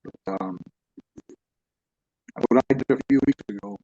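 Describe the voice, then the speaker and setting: A man's voice: mid-range voice, expressive, unhurried, gravelly, warm tone, breathy edge, no room sound, highs cut off. A plainspoken man, a wrestling promoter and trainer, talking casually and a little choked up. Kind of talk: casual chat.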